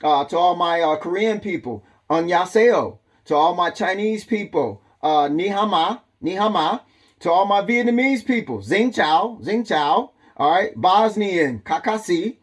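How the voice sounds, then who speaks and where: A man's voice: sits high, lively intonation, normal speed. A man hosting a survival channel. He talks in a loose, casual monologue with a drawl and lots of ums.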